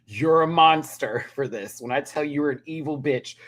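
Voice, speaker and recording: A man's voice: a little high, normal speed, fairly bright tone. A man giving a sassy, dramatic casual rant reviewing a reality TV episode, with cackling asides.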